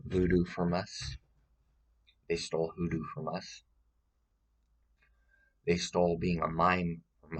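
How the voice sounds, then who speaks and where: Guy playing a rambling know-it-all witch lady, real low voice, slow, lots of ums, deadpan. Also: heavily acted, low-quality recording. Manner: rambling, hesitant with many fillers, insistent "Okay?". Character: self-styled witch woman, rambling, confidently wrong. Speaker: witch giving a tutorial. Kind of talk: deadpan comedic character monologue.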